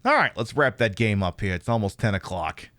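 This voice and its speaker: A man's voice: fairly low pitch, brisk, dry recording. A man streaming a video game, trash-talking the opponents with lots of swearing. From United States. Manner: trash-talking, profane, excitable. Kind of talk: live gameplay commentary.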